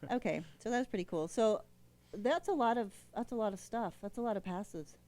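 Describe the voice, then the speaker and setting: A woman's voice: medium pitch, animated, normal speed, warm tone. A woman hosting a casual talk show, bubbly and playfully crude, laughing often as she chats with her guest. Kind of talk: casual interview chat.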